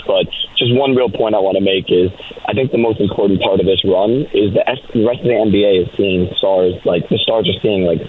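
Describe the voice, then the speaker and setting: A man calling in from a train, chatty and casual, his voice hoarse. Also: low voice. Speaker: caller. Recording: phone line with faint noise.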